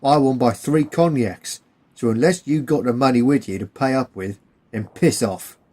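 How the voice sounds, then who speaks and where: A man's voice: mid-range voice, a little mellow, close to an everyday voice. A man voicing a cocky, brawling young English soldier who swears freely. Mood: brash. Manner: brash, swearing, quick-tempered.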